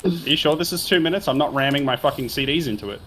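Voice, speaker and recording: A man's voice: fairly high pitch, fast, a bit bright, a little hiss or hum. A man playing tank in a raid, making sarcastic jokes over voice chat. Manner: joking, sarcastic banter. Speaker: tank player in a raid group. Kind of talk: casual voice chat during a game raid.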